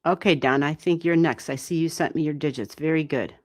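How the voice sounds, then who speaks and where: A woman giving casual, animated astrology readings on a livestream, chatting and swearing lightly as she goes. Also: low voice, fairly quick, dry recording, clean studio sound. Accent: US Midwestern. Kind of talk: casual live-stream reading.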